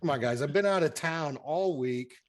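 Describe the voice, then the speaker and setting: A man's voice: a little high, moderate pace, crowd noise. A man narrating as game master of a tabletop game, rambling with many fillers.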